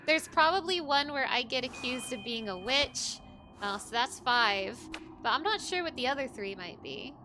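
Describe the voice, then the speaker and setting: A woman's voice: high-pitched, expressive, moderate pace, noisy background. A woman streaming a game, chatting playfully with her viewers and giggling often. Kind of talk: casual gaming commentary. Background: game music.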